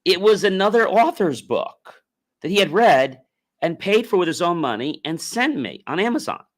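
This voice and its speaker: A man hosting a podcast interview, talking in a loose, expressive way. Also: sits high, normal speed. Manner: expressive, acts out imagined voices. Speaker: podcast host. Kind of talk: casual interview chat.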